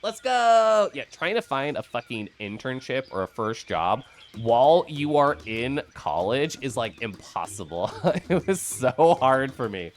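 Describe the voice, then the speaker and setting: A man from the Midwest, hoarse, chatting casually and profanely on a livestream. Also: medium pitch, big pitch swings, unhurried, few pauses. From American Midwest. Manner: loose, profane and chatty with frequent laughs. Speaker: streamer.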